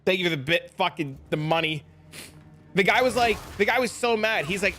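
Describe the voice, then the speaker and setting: Male game streamer, lively sing-song delivery, slightly high voice, swears a lot, faint music behind. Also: fairly quick. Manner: excitable, swears often, thanks donors. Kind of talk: casual live-stream chat.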